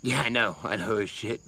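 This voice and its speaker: On a livestream, a man rambles in a laid-back way, swearing freely as he answers chat. His voice is medium in pitch, slightly bright and husky, and the recording is rough.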